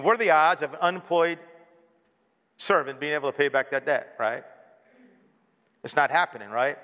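A man's voice: fairly high pitch, bright, forceful tone. A man preaching a sermon as pastor, earnest, with many rhetorical questions. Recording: long hall reverb.

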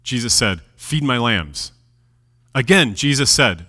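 A man preaching a sermon, reading scripture aloud and explaining it with animated delivery, dropping his voice low at key moments. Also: a little slow. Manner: lively, animated preaching with dramatic drops in volume. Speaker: pastor. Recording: long hall reverb.

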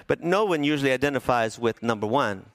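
A man's voice: mid-range voice, lively intonation, fast talker, dry recording. A man in his thirties preaching a sermon as pastor, humorous and conversational, who asks the congregation questions.

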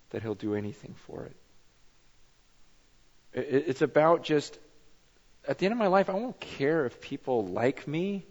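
A man's voice: medium pitch, darkish tone. A man preaching a sermon in a conversational storytelling way, often repeating words and building to emphatic passages. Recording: dull sound with long reverb in a hall.

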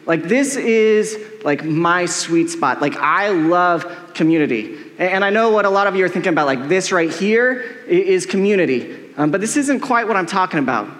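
High-voiced casual pastor in echoey hall. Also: male voice, animated, normal speed, few pauses, a bit bright. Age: middle-aged. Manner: casual, joking, heavy use of "like". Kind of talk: sermon. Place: church hall with long reverb. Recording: echoey church hall with long reverb.

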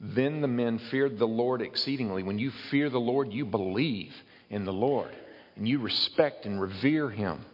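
A man's voice: mid-range voice, moderate pace, big-room sound, lo-fi sound. A man preaching a sermon, explaining and reading Bible verses aloud to his congregation. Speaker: pastor.

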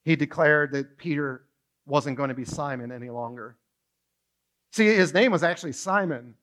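Male pastor, slightly high voice, animated sermon delivery with stammered restarts. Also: moderate pace. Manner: animated, acts out dialogue, some stammering restarts. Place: church stage.

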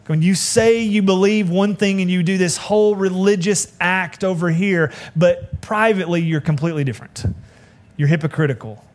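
A man's voice: fairly high pitch, darkish tone. A man, a pastor preaching a sermon in a conversational, self-deprecating storytelling way with asides to the congregation. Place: church sanctuary.

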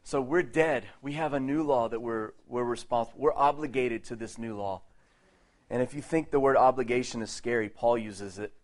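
A man preaching from the pulpit with a voice of ordinary, middling pitch. He presses his points with insistent repetition and short laughs between lines. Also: moderate pace, darkish tone. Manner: emphatic, repeats phrases, laughs between lines. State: tearful, sniffling. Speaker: pastor. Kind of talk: sermon leading into prayer.

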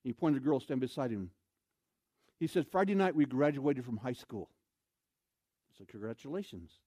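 Animated American man telling comic stories. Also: mid-range voice, moderate pace, dry recording. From United States. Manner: animated, comic, acts out scenes and voices. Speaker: missionary speaker. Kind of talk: humorous storytelling talk.

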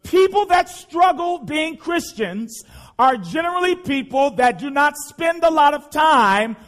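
A male pastor preaching a sermon, impassioned and repetitive, often shouting to the congregation. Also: very high voice, lively intonation, a little slow.

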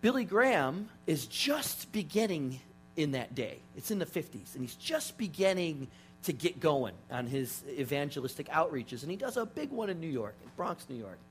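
A pastor telling a story in a sermon, animated and full of restarts. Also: male voice, a little high, moderate pace, soft background music. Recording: steady mains hum underneath.

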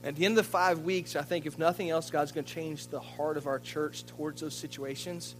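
High-voiced male pastor telling a story. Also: fairly quick, faint music behind, poor audio. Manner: lively storyteller, stumbles and repeats words. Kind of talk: sermon. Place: church.

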